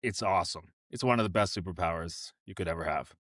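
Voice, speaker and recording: A man's voice: deep voice, quick pace, fairly bright tone, dry recording, studio quality. A man co-hosting a casual podcast chat, upbeat and earnest. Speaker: podcast co-host.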